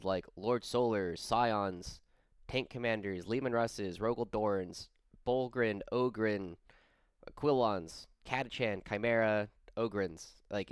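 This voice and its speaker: A young man rambles through his hobby commentary in a loose, filler-heavy way, often correcting himself mid-sentence. His voice is smooth and sits a little low. The sound is dry and close, with no room around it. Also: no echo. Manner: rambling, casual, many fillers and self-corrections. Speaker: wargaming channel host.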